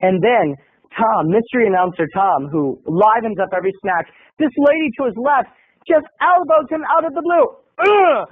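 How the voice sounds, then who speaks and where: A man, a video blogger, telling a story as an animated, theatrical monologue and acting out the other people's voices. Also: high voice, moderate pace, slightly rough, dry recording, narrow, tinny audio.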